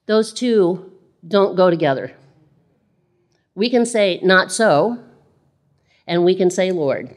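A woman's voice: on the low side, expressive, takes it slowly, pauses often, mellow. A woman preaching a sermon in a conversational way, reading scripture aloud and repeating phrases.

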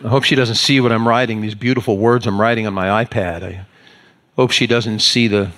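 A man's voice: lowish voice, fairly even intonation, brisk, fairly bright tone. A man preaching as a pastor, telling a self-mocking everyday story in a folksy, conversational way. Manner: folksy, self-mocking anecdote with acted-out voices. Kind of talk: storytelling sermon.

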